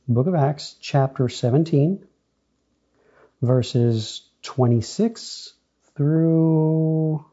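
Slow, dark-voiced male preacher. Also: mid-range voice, slightly rough, dull audio. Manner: unhurried, pausing often, addresses congregation as brothers and sisters. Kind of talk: sermon with scripture reading.

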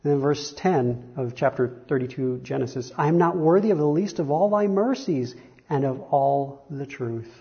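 A man's voice: fairly high pitch, highs cut off. A man preaching a sermon, reading Bible verses aloud with rising emphasis and frequent self-correcting repetitions.

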